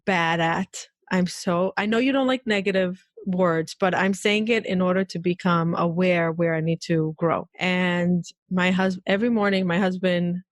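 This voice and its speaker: A woman's voice: lowish voice, steady tone, normal speed, few pauses, dry recording. A woman in her forties hosting a podcast interview, telling personal stories candidly and animatedly, often laughing. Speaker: podcast host. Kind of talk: casual conversational interview.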